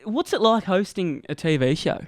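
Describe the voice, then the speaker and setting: A man's voice: high-pitched, lively intonation, normal speed, no echo, clean studio sound. A young man hosting a podcast, teasing his guest, laughing often and repeating phrases. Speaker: podcast host. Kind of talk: casual interview chat.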